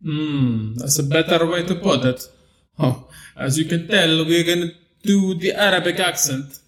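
A man's voice: a little high, unhurried. A man co-hosting a casual chat, teasing and boasting playfully. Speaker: co-host.

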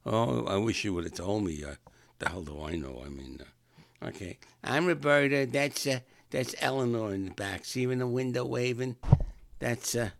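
Man doing a brash chatty young woman, slightly raised pitch, gravelly. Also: lively intonation, normal speed, no room sound, full character voice.

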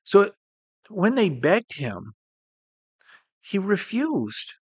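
A man's voice: high-pitched, huge pitch swings, very slow, slightly rough, no echo. Earnest male preacher, dry close sound. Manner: earnest preaching with swells and soft drops. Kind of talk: sermon.

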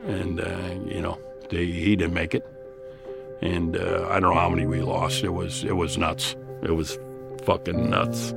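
A man's voice: sits low, little pitch movement, measured pace, gravelly, music in the background. A man in his seventies from the area, telling war stories in a blunt, profane, rambling way. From Elmhurst, Illinois. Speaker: guest, Vietnam veteran. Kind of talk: casual storytelling.

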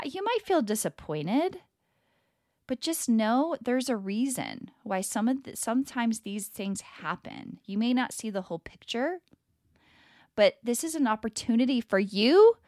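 A woman's voice: a little high, no echo, studio quality. A woman hosting a motivational podcast, talking casually and animatedly and breaking into laughter easily. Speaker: podcast host.

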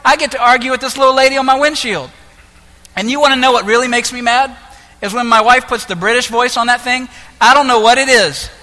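A man preaching a sermon as pastor, impassioned, moving between hushed lines and loud ones. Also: very high-pitched, a little fast. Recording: echoey hall with long reverb.

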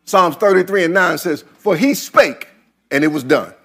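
A male pastor preaching a sermon, repeating phrases and building into chanted, shouted lines. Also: sits high, lively intonation, moderate pace, husky.

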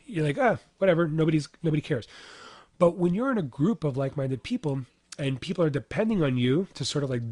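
A man's voice: a little high, darkish tone, no room sound. A man in his thirties, a fitness coach for dads, giving a casual motivational talk, talking in a chatty way full of "like" and "right?".

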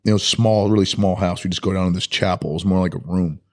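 A man as a podcast guest, telling his life story in a loose, candid way, halting and full of "like" and "dude". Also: low-pitched, fairly even intonation. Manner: soft-spoken and candid. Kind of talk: personal life story in a casual podcast interview.

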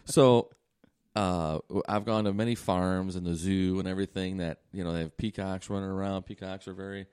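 A man's voice: deep voice, steady tone, normal speed, a little mellow, clear, resonant tone. A man co-hosting a casual podcast, telling profane stories and often breaking into laughter. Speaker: podcast co-host. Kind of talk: casual storytelling.

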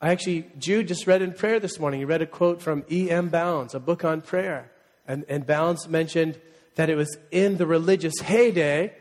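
A man preaching a sermon as pastor, animated and joking, leading the congregation in call-and-response. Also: on the high side, normal speed. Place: church sanctuary. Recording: long reverb of a church hall.

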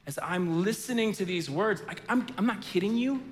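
A man preaching a sermon, telling a story and then teaching, moving between loud bursts and hushed, low lines. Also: lively intonation, normal speed, hardly any pauses. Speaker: pastor. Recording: reverberant hall sound.

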